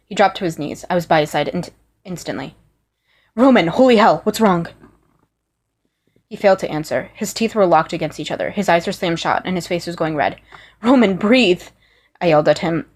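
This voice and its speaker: Woman with a lowish voice narrating a story. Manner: earnest reading with small restarts. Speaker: story reader. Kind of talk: first-person fan fiction narration.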